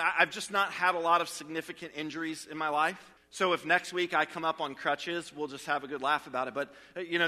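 Male pastor, 30s, casual storytelling sermon, crisp bright tone in an echoing sanctuary. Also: fairly high pitch. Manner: storytelling, conversational.

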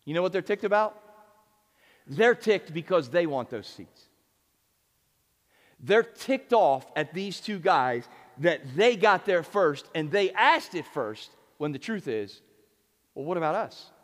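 A male pastor preaching a sermon in a relaxed, conversational way, asking his listeners questions. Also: fairly high pitch, slow. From United States. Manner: conversational, asks the audience questions. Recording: long church reverb.

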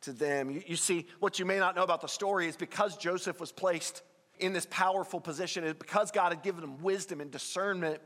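A male pastor preaches in an earnest, conversational way, his voice sitting a little high for a man. He pushes up hard on the key points. The sound rings with the long reverb of a big church hall. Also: fairly even intonation, fast, a bit bright. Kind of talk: sermon.

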